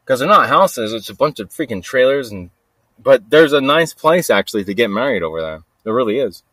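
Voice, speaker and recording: A man hosting a podcast, telling a story in a rambling, restless way that swings from low mutters to sudden loud bursts. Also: lively intonation, fairly quick, dry recording. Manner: rambling, restless, talks to himself with lots of "like" and "freaking". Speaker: podcast host. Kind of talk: casual storytelling monologue.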